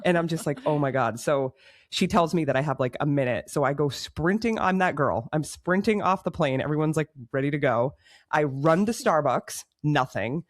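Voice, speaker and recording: A woman podcast co-host tells a story in a lively, self-mocking way and laughs in the middle of her sentences. Her voice sounds close and dry, with no room echo. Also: low voice, normal speed. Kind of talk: casual chat, storytelling.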